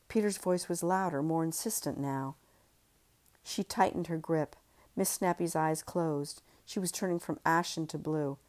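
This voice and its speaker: A woman, an author and podcast host, reading her own novel aloud in a measured, steady voice. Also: low voice.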